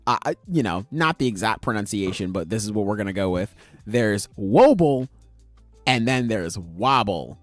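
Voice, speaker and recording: A man's voice: fairly low pitch, dry recording. A man hosting a podcast, animatedly retelling a comic's plot in casual, slangy talk full of swearing. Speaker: podcast host. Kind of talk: casual chat, retelling manga chapters.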